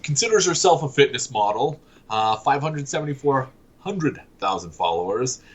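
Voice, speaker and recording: A Canadian man co-hosting a hockey podcast in a husky voice. His pitch swings widely as he throws out enthusiastic, crude banter. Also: lively intonation, moderate pace. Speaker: podcast co-host. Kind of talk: casual chat.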